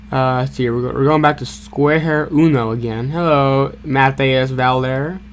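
A young man hosting a gaming channel, giving excitable, jokey play-by-play commentary with stammered repeats and sudden yelps. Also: mid-range voice, a little slow, few pauses. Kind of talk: casual gameplay commentary.

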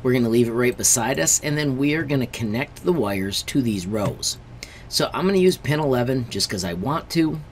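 A man's voice: mid-range voice, a little hiss or hum. Friendly man teaching a step-by-step tutorial. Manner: friendly, repeatedly says friends; step-by-step, emphasizing warnings. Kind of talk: screen-recorded tutorial.

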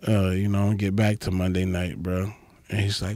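A man, a comedian guest, telling stories in casual chat, profane and animated, acting out quotes with big leaps in his voice. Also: normal speed, no room sound, clean studio sound. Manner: profane, acts out quotes with big jumps in pitch.

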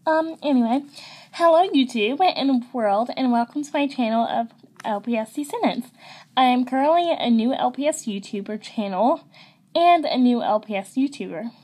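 A woman's voice: sits high, animated, moderate pace, darkish tone, husky. A young woman hosting a toy pet video channel, nervous and rambling with lots of ums. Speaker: channel host. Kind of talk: playing toy pets in a home video. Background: background music.

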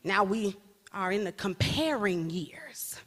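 A woman's voice: medium pitch, animated, slow pace, fairly bright tone. A woman evangelist preaching a sermon, rising to emphatic peaks and dropping into playful asides to the congregation.

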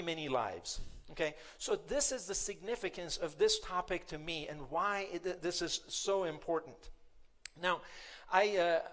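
A man giving a conversational, playful motivational keynote at a conference, often asking the audience questions. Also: sits high. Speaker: keynote speaker.

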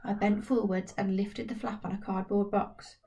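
A woman narrating a children's novel aloud in a steady, lightly expressive reading voice. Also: mid-range voice, moderate pace, creaky, recorded from a distance. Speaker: audiobook reader. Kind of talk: storybook narration.

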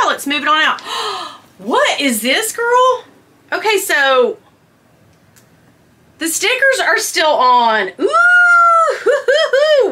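Bubbly, animated woman gushing to camera. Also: fairly high pitch. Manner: gushing, chatty, squeals with excitement. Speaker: vlogger unboxing a handbag. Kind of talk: casual chat to camera.

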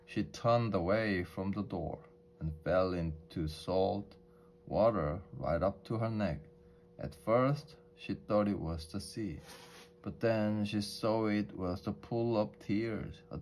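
A man reads a storybook aloud for English learners, calm and measured, with the odd small restart. His voice sits on the low side. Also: slight background noise.

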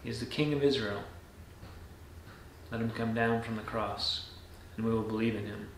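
A pastor reading a scripture passage aloud and then reflecting on it in a measured devotional talk, often dropping to a soft, low voice. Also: male voice, fairly even intonation, roomy sound, slight background noise.

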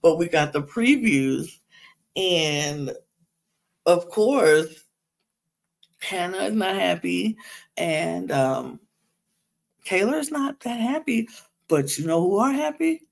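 A woman's voice: lowish voice, expressive, takes it slowly, vocal fry, pauses often. A woman hosting a podcast, giving a casual gossipy recap of a reality show, chatty and laughing often. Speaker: podcast host.

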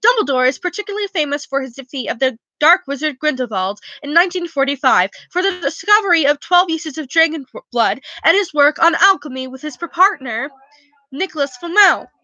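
A woman's voice: high voice, animated, a little fast, sharp tone, no echo. A woman voicing an earnest young boy wizard in an audiobook reading, eager and sincere. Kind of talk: audiobook character voice.

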